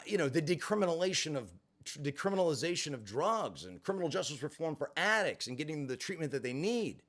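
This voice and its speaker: Animated, higher-voiced man telling a story. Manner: expressive, profane, sarcastic asides. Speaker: vlogger telling a personal story.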